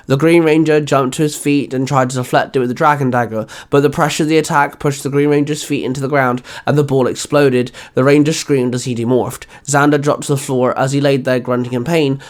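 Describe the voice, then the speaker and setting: Guy reading his fanfic out loud, middle pitch, steady storytelling. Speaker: fanfiction reader and narrator. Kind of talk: amateur storybook narration.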